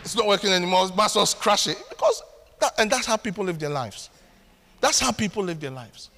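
A man preaching a sermon as pastor, animated and storytelling with acted asides. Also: high-pitched, a little fast, a little hiss or hum. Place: church hall. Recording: long hall reverb.

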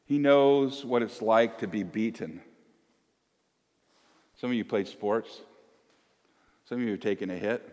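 A man in his fifties preaching a sermon as pastor, conversational and swinging between loud emphasis and hushed asides. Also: fairly low pitch, a little slow, long pauses, big-room sound, noisy background. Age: 50s. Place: church.

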